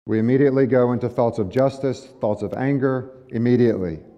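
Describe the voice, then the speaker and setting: A man preaches in a conversational style, quizzing his congregation with rhetorical questions. His mid-range voice is brisk and dark-toned. Long hall reverb colors the dull, lo-fi recording.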